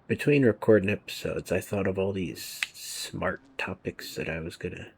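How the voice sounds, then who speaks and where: A man's voice: low voice, normal speed, gravelly, breathy edge. A man giving rambling, casual commentary over gameplay, sometimes dropping to a near whisper. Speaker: gaming video creator.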